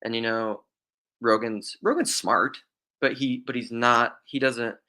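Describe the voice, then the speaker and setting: A man's voice: medium pitch, steady tone, measured pace, pushed and bright. A young man from Western South Dakota with a faint drawl, musing aloud in a rambling casual theological monologue, often restarting his sentences. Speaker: podcast host.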